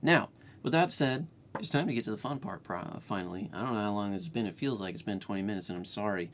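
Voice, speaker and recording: Low-ish dude walking you through code at home, lots of ums, kinda rambly, little background hiss. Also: male voice, fast, fairly bright tone. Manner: casual, rambling, frequent fillers and restarts. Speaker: programming tutorial host. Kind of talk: screen-share coding tutorial.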